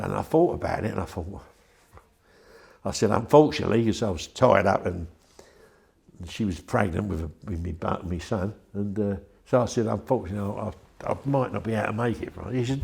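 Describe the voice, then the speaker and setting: An older man tells stories in an interview in a lowish, creaky voice with a darkish tone. His talk is rambling and chatty, with many restarts.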